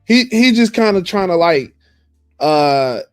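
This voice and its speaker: A man's voice: high voice, animated, slow pace, clear, resonant tone, no echo, clean studio sound, soft background music. A man on a live stream speaking hesitantly, stammering and restarting as he argues a point.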